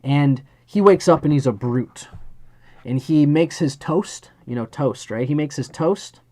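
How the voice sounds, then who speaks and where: Speaking directly and earnestly to his listener, a man with a mid-range, slightly mellow voice gives a live astrology chart reading. He acts out small scenes as he goes.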